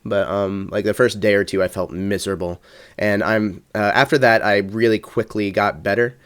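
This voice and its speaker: A man's voice: on the low side, fairly even intonation, moderate pace, fairly bright tone, clean tone, no room sound, clean studio sound. A man co-hosting a casual gaming podcast, stuffy and congested, easygoing. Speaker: podcast co-host.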